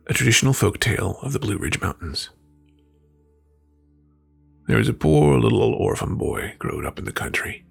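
Gravelly husky guy telling old mountain folktales, lively up and down delivery, faint music. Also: lowish voice. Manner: folksy, lively storyteller. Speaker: folklore podcast host. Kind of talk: folktale storytelling and book review.

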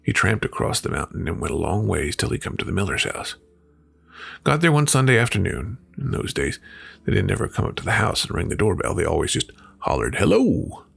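A man's voice: deep voice, sing-song, brisk, gravelly, fairly bright tone, slightly rough. A man hosting a folklore show, telling a folktale in a folksy storytelling manner and then reviewing a book. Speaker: folklore podcast host.

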